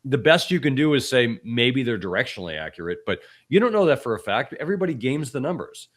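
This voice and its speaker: A man hosting a podcast, hoarse from a cold, talking bluntly and with opinion, often restarting his sentences. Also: big pitch swings, fast talker, a bit bright. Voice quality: extra deep voice. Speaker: podcast host. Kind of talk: casual podcast commentary.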